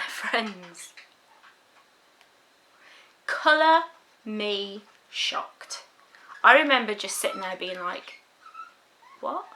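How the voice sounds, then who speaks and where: Slow-talking woman vlogger. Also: mid-range voice, sharp tone, a little hiss or hum, low-quality recording. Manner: thoughtful, halting, many ums. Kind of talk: casual personal talk to camera.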